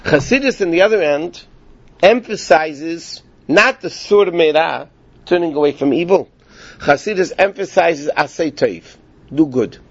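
A man with a high voice teaches an informal Torah class. He explains by asking rhetorical questions and keeps checking in with his listeners. The recording is dry and dull, with a lo-fi sound. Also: animated, a little slow, husky, no echo. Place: small evening class with few listeners.

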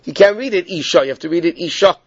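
Racing and animated, this man speaks in a high-sitting voice with a darkish tone as he teaches a Torah class. He explains the text in steps, repeats points, and checks in with students by saying "okay?". The recording comes across dull, lo-fi and dry.

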